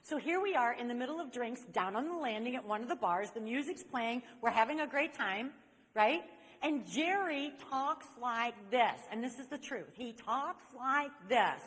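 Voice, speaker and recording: Sharing her personal story with young people at a church convention, an older woman brings it to life by acting out the people involved. Her voice is on the high side, expressive, a bit bright and husky, and a little fast, echoing with long reverb around the large hall.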